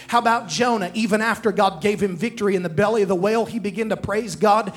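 A man with a high voice preaches a sermon, asking the congregation to say lines back to him. Faint music plays underneath his words. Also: fast, few pauses. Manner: preaching with call-and-response to the congregation.

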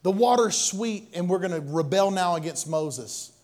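A male pastor preaching a sermon, animated, swinging between loud bursts and quiet asides. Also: sits high, normal speed.

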